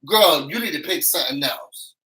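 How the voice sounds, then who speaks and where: Sassy, animated man reviewing reality TV. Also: a little high, moderate pace, poor audio. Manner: sassy, emphatic, acts out quotes. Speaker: YouTube reality-show reviewer. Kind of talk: animated recap commentary.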